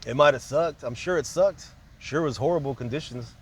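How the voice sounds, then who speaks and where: A man of ordinary mid-range pitch holding forth in a casual, unscripted monologue. He rambles and hops between points, dropping easygoing fillers as he goes. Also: a little fast, husky. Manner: loose and conversational, peppered with "man" and "like".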